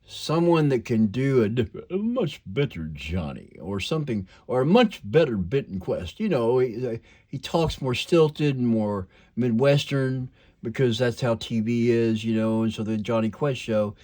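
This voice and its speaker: A man's voice: mid-range voice, expressive, a little slow, a little mellow. An older man with a slight twang, rambling casually at home about his hobbies, full of fillers and restarts. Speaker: toy collector vlogger.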